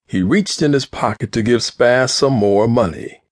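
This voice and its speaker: A man narrating an audiobook in a steady, even storytelling manner. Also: medium pitch, measured pace, no room sound, studio quality.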